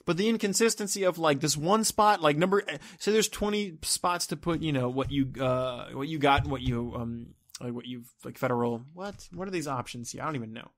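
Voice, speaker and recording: A man's voice: on the high side, a little fast, hardly any pauses, a bit bright. A man ranting in a vlog, exasperated and rambling, swearing often and trailing off into mumbles. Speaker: vlogger.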